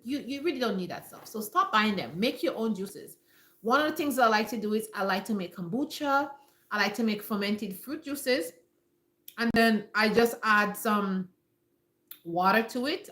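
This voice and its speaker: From a room in her home, a woman hosts a casual live-stream health talk, speaking emphatically to viewers and repeating her points. Her voice is fairly high with a sharp tone, and the room is echoey.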